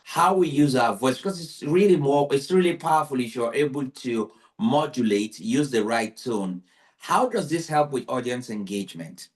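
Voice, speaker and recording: A man hosting a podcast, telling stories in lively casual conversation and acting out the people he quotes. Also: mid-range voice, moderate pace. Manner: animated storyteller, acts out quotes.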